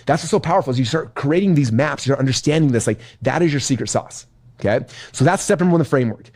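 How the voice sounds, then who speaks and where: A middle-aged man teaching as a business coach, animated, often checking in with the audience. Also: medium pitch, quick pace. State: out of breath. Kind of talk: energetic teaching talk.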